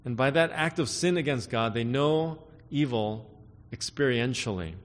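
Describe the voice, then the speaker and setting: Male pastor, sermon delivery, conversational check-ins, emphatic rises, mid pitch, echoing church hall. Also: animated, normal speed. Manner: expository preaching with frequent "right?" and "okay?" check-ins; rises in pitch and volume to stress key phrases.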